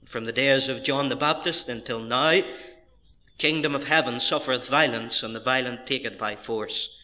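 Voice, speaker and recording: Bright-voiced preacher man, earnest. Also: medium pitch, normal speed. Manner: earnest preaching, rising emphatically on key phrases. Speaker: pastor. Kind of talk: sermon with scripture reading.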